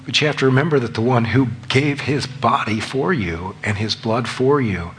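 A man preaching a sermon as pastor, emphatic and rising in pitch and volume on key lines. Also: normal speed, fairly bright tone, a little hiss or hum.

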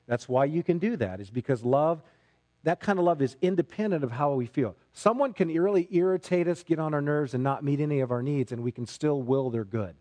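A man delivering a sermon with an emphatic, swinging delivery. His voice sits a little high for a man. He moves from quiet, low passages up to loud, forceful ones. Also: animated, a little fast. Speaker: pastor.

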